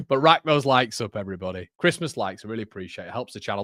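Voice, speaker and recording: A young man reacts live to a football match as he hosts a watchalong, chatting to viewers. He is excitable and swings from sudden shouts to low mutters. His voice sits at an ordinary pitch, and the sound is dry and close. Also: fast talker, hardly any pauses, no room sound. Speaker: watchalong host.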